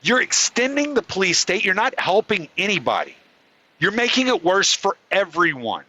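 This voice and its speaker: Furious high-voiced man ranting. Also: sing-song, moderate pace, bright, forceful tone, poor audio. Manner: furious, profane, heated ranting. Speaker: podcast host. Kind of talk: angry ranting monologue.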